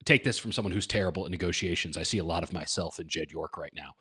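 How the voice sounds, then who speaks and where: A man's voice: low voice, fast, a bit bright, breathy edge. A man co-hosting a casual sports podcast, wry and self-deprecating, with jokey asides. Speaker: podcast co-host.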